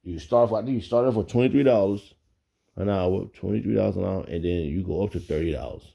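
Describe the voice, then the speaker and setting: A man telling a casual story, animated and profane, laughing often. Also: low voice, fast, gravelly, muffled recording.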